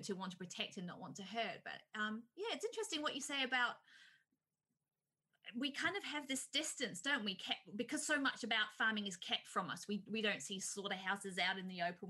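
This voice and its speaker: A woman's voice: mid-range voice, brisk, bright, forceful tone. A woman hosting an interview, reflective and hesitant, with many fillers. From New Zealand. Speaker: host. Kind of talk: conversational interview.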